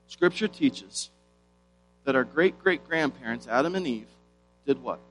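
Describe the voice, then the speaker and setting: A man's voice: medium pitch, lively intonation, a little slow, fairly bright tone, faint music behind, low-quality recording. A man preaching a sermon with emphatic stresses and rhetorical questions.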